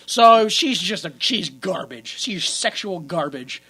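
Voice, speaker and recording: Male podcast co-host, bright and sharp-toned, crude and laughing through a casual movie rant. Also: high-pitched, animated, takes it slowly, slightly rough. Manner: crude, joking, laughs often while retelling scenes.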